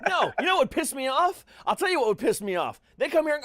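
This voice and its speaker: A podcast host, a man in casual chat, rants with constant swearing. His pitch swings widely and his delivery is animated. The sound is dry and close. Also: quick pace, dry recording. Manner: profane, animated ranting.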